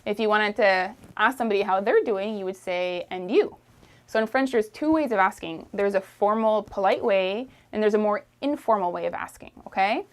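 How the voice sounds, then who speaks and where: A woman teaching a French lesson, repeating phrases slowly and encouraging the learner to try. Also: mid-range voice. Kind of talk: friendly language lesson.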